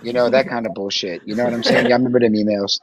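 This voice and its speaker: A man on a livestream panel, talking in loud, profane, laughing banter. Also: medium pitch, steady tone, racing, muffled recording, a crowd in the background. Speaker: panel guest. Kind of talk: casual profane chat. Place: livestream call.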